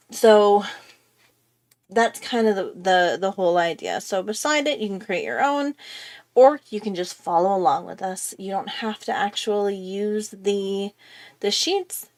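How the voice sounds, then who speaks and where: A woman hosting a relaxed live drawing lesson, talking her viewers through each step. She rambles in a chatty way, thinking aloud and trailing off as she draws. Her pitch sits in an ordinary middle range. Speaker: art tutorial host. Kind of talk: casual live drawing tutorial.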